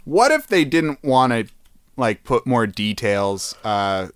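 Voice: mid-range voice, slow, clean tone, no echo. A podcast co-host in casual comedic chat, giggly and egging on the jokes. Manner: animated, giggly, eggs on the joke.

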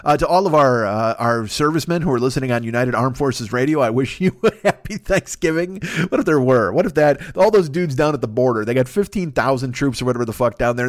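A man riffs through a comedic podcast monologue, sprinkling profanity and getting excited as his stories wander off track. His voice sits at an ordinary middle pitch. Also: no echo, studio quality. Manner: rambling, profane, excitable storytelling. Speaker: podcast host.

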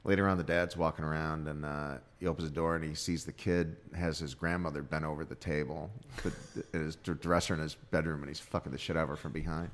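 A man's voice: flat delivery, fast talker, hardly any pauses. A man telling crude jokes in a casual podcast chat, acting out the characters in his stories. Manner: loose, storytelling, bursts into high put-on voices for jokes. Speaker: comedian and podcast co-host.

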